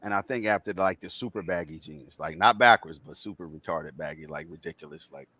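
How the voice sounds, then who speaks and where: Man in his fifties, very low pitch, nasal, rambling casual chat host. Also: brisk, pushed and bright, slightly rough, dry recording. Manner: rambling, self-correcting, laughs often. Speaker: podcast host.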